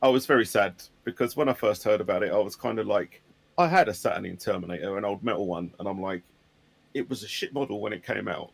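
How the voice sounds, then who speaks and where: A man's voice: fairly low pitch, quick pace, creaky. A man co-hosting a casual hobby podcast, blunt and joking with casual swearing. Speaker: podcast co-host. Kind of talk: casual chat.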